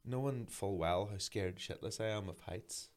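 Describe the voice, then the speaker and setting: A man in his thirties, telling a sweary, animated anecdote in casual chat as a podcast co-host. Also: lowish voice, normal speed.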